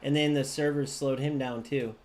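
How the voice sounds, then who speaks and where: A man talking over a football video game as he plays, ranting at his viewers. His voice sits at an ordinary middle pitch, and he argues in a fired-up, conversational way, turning to the audience again and again to press his point. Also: fairly even intonation, normal speed, a little mellow. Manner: ranting, argumentative, addresses viewers directly. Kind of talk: live gameplay commentary.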